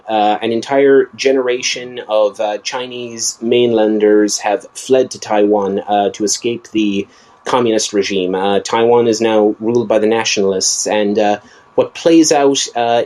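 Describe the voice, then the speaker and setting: A man's voice: lowish voice, a little mellow, rough recording. A man co-hosting a casual chat, earnestly explaining at length with lots of filler sounds. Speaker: podcast co-host recommending films.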